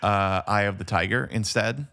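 A man with a low voice co-hosts a casual film chat. He sounds easygoing and agreeable and often chimes in with quick replies. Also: creaky, noisy background. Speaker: podcast co-host.

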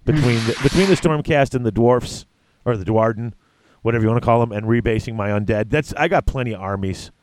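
A man's voice: medium pitch, brisk, darkish tone. A man hosting a casual hobby podcast, rambling and chatty, with frequent restarts. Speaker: podcast host.

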